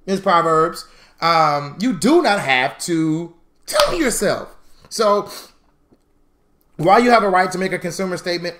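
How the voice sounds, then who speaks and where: Man instructor, fairly high voice, animated, chatty live class. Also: normal speed. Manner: animated, chatty, acts out mock quotes; talks to viewers as "y'all". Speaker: credit repair instructor.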